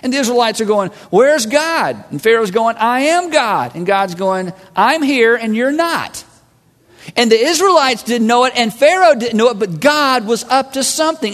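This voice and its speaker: A man preaching a sermon as a pastor, animated and acting out voices of listeners and God. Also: very high-pitched. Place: large church hall. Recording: long hall reverb.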